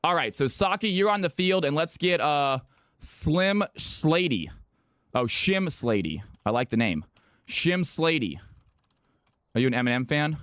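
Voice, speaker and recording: A man from California hosts a live stream, talking fast and excitedly to his viewers and repeating himself as he sets up games. His voice sits on the high side for a man. The sound is dry and close, with no room around it. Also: dry recording. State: out of breath.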